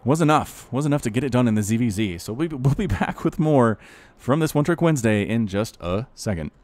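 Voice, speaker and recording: A man hosting and shoutcasting a strategy video game match, chatty and excitable with frequent laughing asides. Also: mid-range voice, fairly quick. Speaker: esports shoutcaster and channel host. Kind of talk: live game commentary.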